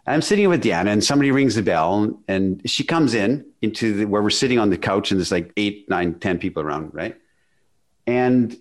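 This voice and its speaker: A man in casual conversation, telling a story with emphatic, animated delivery and acted-out dialogue. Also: fairly low pitch.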